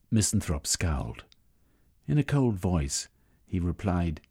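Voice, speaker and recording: A man reading a story aloud as narrator, in measured storytelling. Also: deep voice, very animated, vocal fry, warm tone, husky. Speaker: audiobook narrator. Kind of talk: scripted narration.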